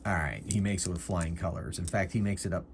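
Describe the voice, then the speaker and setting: A man's voice: low-pitched, fast talker, vocal fry, very noisy. A man narrating a solo tabletop game, thinking aloud and explaining his rules casually. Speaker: game master and solo player.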